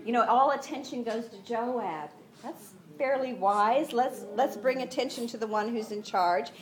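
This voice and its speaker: A woman preaching a sermon, retelling the story in an animated way and acting out the voices. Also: on the high side, a little slow. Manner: animated storytelling, acts out voices, laughs often.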